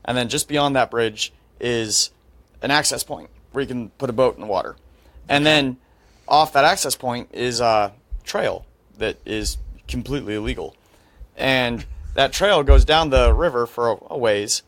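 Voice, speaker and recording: A man's voice: mid-range voice, normal speed, fairly bright tone, no echo. A young adult man, a podcast guest, telling a story in casual chat, laying it out step by step with dry asides.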